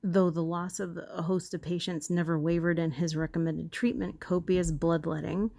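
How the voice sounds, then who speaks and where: A woman's voice: on the low side, little pitch movement, normal speed, creaky, mellow. A woman reading a history text aloud and breaking off often to react, joke and correct herself. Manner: playful, self-interrupting, reacts to the text. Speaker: video host.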